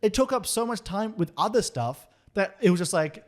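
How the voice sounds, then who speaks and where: A man's voice: sits high, lively intonation, moderate pace. A young man co-hosting a casual TV review, agreeing often and adding chuckling asides. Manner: agreeable, frequent "yeah" backchannels, chuckling asides. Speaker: podcast co-host reviewing a TV episode. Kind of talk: casual chat.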